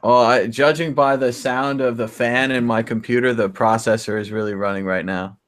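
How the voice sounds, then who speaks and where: Man, mid-pitched voice, co-host, dry laid-back humor, casual livestream chat. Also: steady tone, normal speed.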